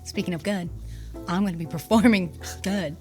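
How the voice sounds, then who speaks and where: A woman's voice: on the low side, moderate pace, darkish tone, soft background music. Bubbly laughing woman singer, a guest. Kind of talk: casual chat.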